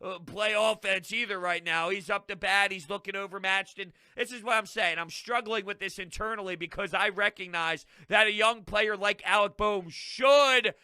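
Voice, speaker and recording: A young man hosting a fan video, ranting loudly and with exasperation as he recaps a baseball game. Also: sits high, smooth, dry recording. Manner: exasperated, loud, frequently shouting. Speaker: sports fan video host.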